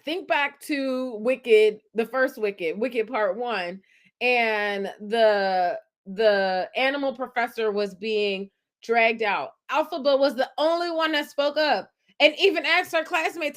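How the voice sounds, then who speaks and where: Speaking slowly in a voice on the high side, this podcast host reads her live chat during a casual stream. She's a young adult woman, lively and encouraging, hyping up each commenter.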